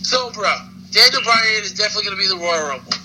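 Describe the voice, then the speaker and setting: A man's voice: high voice, expressive, fast, pushed and bright. A man co-hosting a casual wrestling recap podcast, rambling and joking with many fillers. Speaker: podcast co-host. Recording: noisy background.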